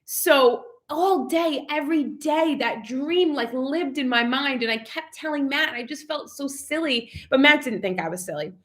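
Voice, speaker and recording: Reading through viewer comments on a casual live vlog, a young woman gets chatty and emotional, dropping "like" constantly. She has a high, fairly bright voice with lively intonation, a moderate pace, and few pauses.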